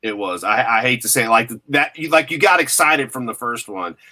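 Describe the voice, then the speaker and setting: A man's voice: mid-range voice, animated, fairly quick, pushed and bright. A man hosting a podcast, chatting in a laid-back, agreeable way. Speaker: podcast host. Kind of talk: casual chat.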